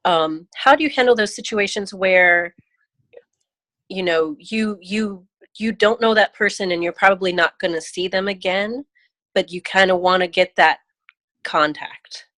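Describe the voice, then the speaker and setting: A woman's voice: medium pitch, measured pace, a bit bright, no room sound. A woman on a group video call, asking a question hesitantly. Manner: hesitant, lots of fillers and restarts.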